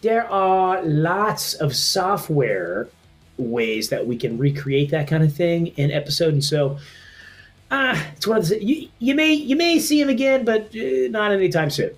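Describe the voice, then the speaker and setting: A man's voice: high voice, animated, measured pace, soft background music. A man co-hosting a casual comedy podcast, rambling with restarts and laughing often. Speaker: podcast co-host and editor.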